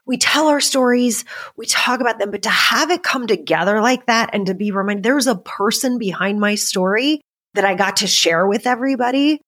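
A woman's voice: on the high side, normal speed, a bit bright. Emotional storytelling woman guest. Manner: emotional, laughs and tears up while telling stories. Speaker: podcast guest, business mentor. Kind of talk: casual storytelling interview.

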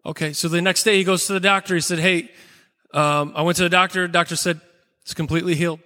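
A male pastor delivers a sermon in a high, bright voice, telling stories earnestly and pausing for weight. His words ring out with a long reverb, as in a large church hall. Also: fairly even intonation. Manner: earnest storytelling with dramatic pauses.

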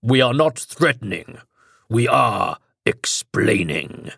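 Cold, deep-voiced alien presence, put on by a male storyteller: slow, growling commands in a dry, close read. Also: lively intonation, creaky, a bit bright, slightly rough, dry recording, exaggerated voice. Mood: menacing. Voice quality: growling, much deeper register. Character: menacing alien entity speaking through a man's body.

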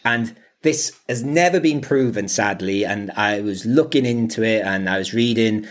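A man with a lowish voice speaks at a moderate pace while co-hosting a casual podcast. His chat rambles, full of fillers and restarts, and he laughs often.

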